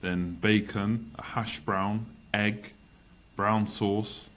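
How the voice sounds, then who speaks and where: A man's voice: on the low side, fairly even intonation, extremely slow, a bit bright. A man co-hosting a casual podcast, opinionated and slangy. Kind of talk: casual chat.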